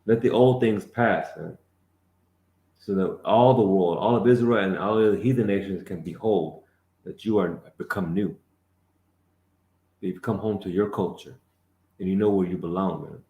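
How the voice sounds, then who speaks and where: A fiery preacher with a very deep voice drives his points home with emphasis, tagging his lines with "man." He is heard in an echoey room. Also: moderate pace, pauses often, dark tone. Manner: emphatic, calls out prompts, tags lines with "man". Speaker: lead teacher of the class. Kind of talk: fiery street-preaching sermon.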